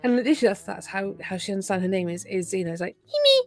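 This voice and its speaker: A woman's voice: medium pitch, very fast, darkish tone, faint music behind. A woman chatting casually while reacting to memes, giggly and prone to rambling pet stories. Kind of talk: casual chat.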